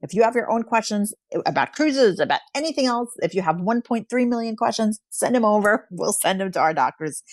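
A woman's voice: mid-range voice, expressive, brisk, few pauses, dry recording. Chatty woman podcast host, dry sound. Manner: chatty, with lots of likes and you-knows. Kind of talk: casual podcast talk presenting survey results.

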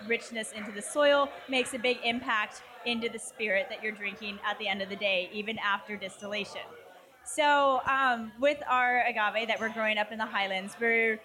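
A woman's voice: on the high side, pushed and bright. A woman guest, a brand representative, talking in a chatty, upbeat way at a tasting event, with lots of casual fillers.

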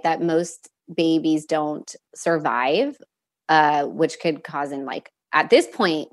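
Interview guest: a woman with a slightly low voice, candid and halting, full of fillers and restarts, emotion close to the surface. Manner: openly emotional, near tears at times. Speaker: podcast guest. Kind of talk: candid personal storytelling.

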